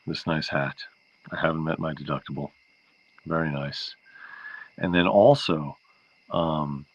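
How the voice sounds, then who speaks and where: A man's voice: extremely low pitch, a bit bright, husky. A man hosting a livestream from home, chatting casually and rambling from one aside to the next, recorded on a laptop microphone. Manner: rambling and easily sidetracked. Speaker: livestream show host. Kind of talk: casual chat with viewers. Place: home, near an outdoor porch area. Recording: dull lo-fi sound.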